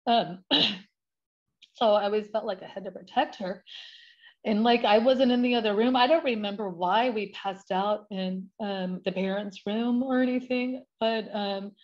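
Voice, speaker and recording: A woman's voice: mid-range voice, normal speed. A woman speaking as an interview guest, candid and emotional, telling her account in loose, rambling sentences. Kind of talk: personal testimony. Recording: dull lo-fi sound.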